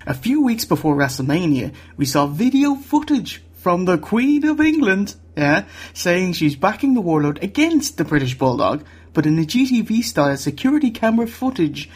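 A man's voice: high voice, very animated, normal speed, hardly any pauses, husky. A man co-hosting a casual wrestling review podcast, jokey and chatty, laughing often. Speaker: podcast co-host.

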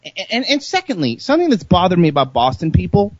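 A man's voice: sits high, huge pitch swings, fast talker, no echo, muffled recording. A man hosting a radio show, teasing his co-hosts in casual banter. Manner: provocative teasing, laughing.

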